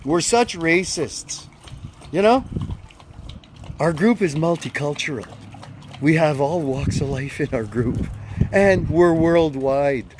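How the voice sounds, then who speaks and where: Man, 50s, group leader, angry and blunt, talks a bit high, faint background noise. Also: expressive, takes it slowly, pauses often. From Canada. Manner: blunt, emphatic, repeats his points. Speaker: group leader addressing followers. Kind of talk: self-recorded social media rant.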